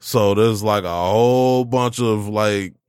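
A man's voice: on the low side, slow, darkish tone, clean tone, dry recording, clean studio sound. A man hosting a sneaker podcast in laid-back, slangy casual chat. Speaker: podcast host.

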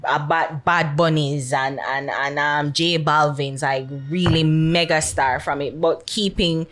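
A woman co-hosting a casual podcast interview, speaking in a thoughtful, measured way. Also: low-pitched, fairly even intonation, fairly bright tone. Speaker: podcast co-host.

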